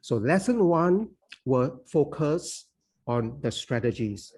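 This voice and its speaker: A man teaching an online oral-exam class. His voice is slow and mellow, with a husky grain. He explains patiently over a video call. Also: fairly high pitch, sing-song. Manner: explanatory, peppered with "you know". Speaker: English oral exam tutor. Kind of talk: online lecture to students.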